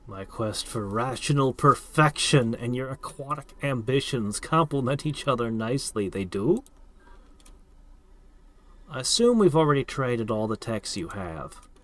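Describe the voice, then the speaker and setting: A man casually thinking aloud as he plays a strategy game, reacting to each turn. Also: mid-range voice. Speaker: gameplay streamer. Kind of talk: casual let's-play commentary.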